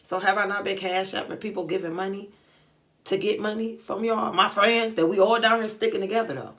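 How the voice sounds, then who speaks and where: A young woman vlogger telling a story in casual, animated, slangy chat, acting out the dialogue. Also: mid-range voice, fairly quick. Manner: animated, slangy retelling with lots of quoted dialogue. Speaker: beauty vlogger.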